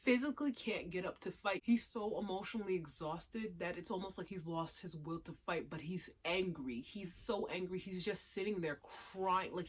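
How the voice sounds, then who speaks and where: Expressive woman giving a casual review. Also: on the low side, breathy edge. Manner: expressive, emphatic, swings from hushed to loud. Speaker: anime reviewer.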